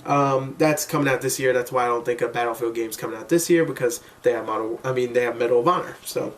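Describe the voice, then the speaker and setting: A man's voice: mid-range voice, quick pace, a bit bright, far from the mic. A tired man rambling casually and self-mockingly through his own predictions, with loose, chatty talk. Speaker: gaming video maker.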